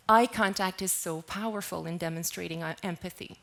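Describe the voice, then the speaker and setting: A woman's voice: fairly low pitch, fairly quick, creaky, hardly any pauses, a bit bright. A woman giving a conference keynote talk in a lecture hall, often asking the audience questions. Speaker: keynote speaker.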